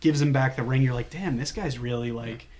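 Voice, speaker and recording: A man's voice: mid-range voice, darkish tone. Casual male podcast co-host. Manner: retells scenes with quick impressions. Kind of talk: casual movie podcast chat.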